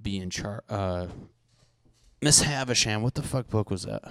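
A man hosting a podcast, ranting in a casual, profane and animated comic way into a handheld microphone. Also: on the low side, unhurried, dry recording. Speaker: podcast host. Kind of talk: casual comedic rant.

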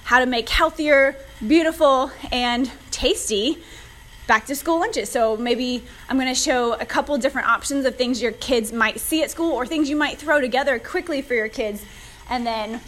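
A woman's voice: fairly high pitch, a bit bright, a little hiss or hum, rough recording. A woman hosting a fitness podcast, chatty and upbeat, a little out of breath as she pedals an exercise bike. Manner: upbeat, chatty, gives advice directly. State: slightly out of breath from cycling. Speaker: podcast host, fitness coach. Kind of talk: casual solo podcast talk.

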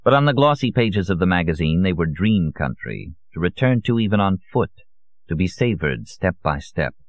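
Deep-voiced man narrating a novel. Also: sing-song, normal speed, no room sound. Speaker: audiobook narrator. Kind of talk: scripted narration. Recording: dull, lo-fi audio.

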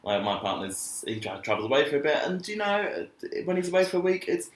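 A man's voice: on the high side, very animated, fairly quick. A man co-hosting a casual comedic chat, chatty and playful, giggling often. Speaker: co-host. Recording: echoey room.

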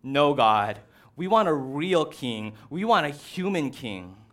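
A man's voice: fairly high pitch, sing-song, slow pace, exaggerated voice. A man voicing the ancient Israelites as an impatient, demanding crowd in a sermon retelling. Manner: loud, demanding, whiny.

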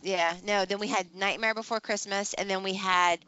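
A woman chatting casually as a podcast co-host, telling stories with lively acted-out reactions. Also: medium pitch, normal speed, smooth. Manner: animated storytelling, acts out her own reactions. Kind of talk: casual chat. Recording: dull, slightly lo-fi dry sound.

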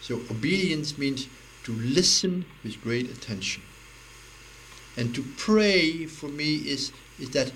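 Man, unhurried and earnest, with a fry-edged voice, halting with repeated words, on a personal recording with light hiss. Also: medium pitch, a bit bright, rough recording. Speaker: spiritual speaker. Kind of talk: intimate reflective spiritual talk.

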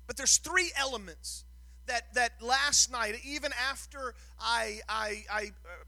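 A man's voice: very high voice, unhurried, sharp tone, dry recording. A man preaching a sermon, telling the story with drama and rising to a sing-song, emphatic delivery, often repeating words as he builds. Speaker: pastor.

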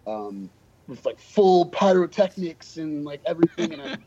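A man's voice: on the high side, sing-song, normal speed, mellow. Podcast guest: man with a slightly raised voice, chatty self-deprecating storyteller, muffled lo-fi recording. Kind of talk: casual storytelling. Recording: dull, lo-fi podcast audio.

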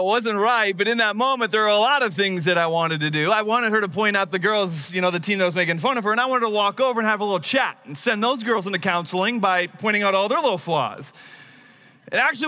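Pastor guy preaching, chatty and self-deprecating, bright voice pitched a bit high. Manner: conversational storytelling, self-deprecating. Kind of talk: sermon.

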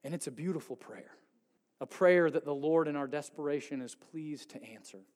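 A man preaching a sermon as pastor, swinging between pleading intensity and hushed, quiet passages. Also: fairly high pitch, normal speed, long reverb tail. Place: church sanctuary.

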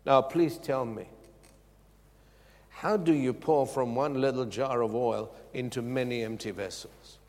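A man preaching a sermon, with emphatic, drawn-out delivery and rhetorical questions to the congregation. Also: mid-range voice. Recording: echoey hall reverb.

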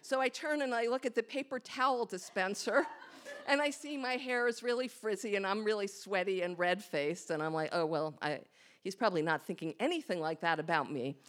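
In a small hall before a live crowd, a woman recounts an honest, self-deprecating story from her life, voicing her thoughts as she goes. Her mid-range voice is brisk and fairly bright.

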